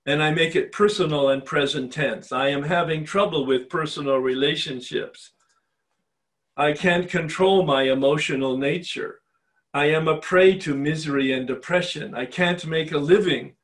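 A man's voice: a little high, normal speed, a bit bright. An older man facilitating a spiritual recovery retreat, telling his own story in a personal, confessional way and posing emphatic rhetorical questions.

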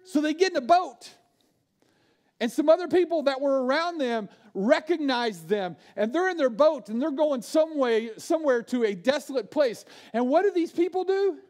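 A male pastor preaching a sermon, swinging from loud bursts to hushed, low asides. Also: animated, normal speed.

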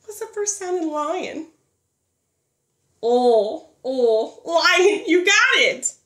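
A woman leads a preschool phonics lesson in a high, bouncing voice. She talks slowly and encourages as she draws out each letter sound. Her voice carries in an echoey room. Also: sing-song, fairly bright tone. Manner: sing-song, encouraging, drawn-out letter sounds. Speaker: preschool teacher.

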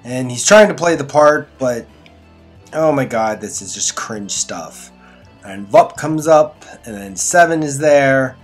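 A man's voice: mid-range voice, animated, slow, soft background music. A man giving a casual, rambling spoken review of a TV episode, recapping scenes with dry, sarcastic asides. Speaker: show reviewer.

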